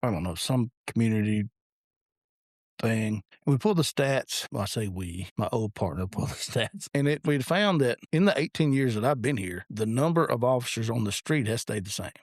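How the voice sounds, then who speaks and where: A man in his forties with a gravelly, creaky voice at a middle pitch tells blunt, profane stories from police work. He speaks in easygoing podcast chat. The sound is close and dry. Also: moderate pace, no room sound. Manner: blunt, profane, animated anecdote telling. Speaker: police officer and podcast co-host. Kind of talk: casual storytelling chat.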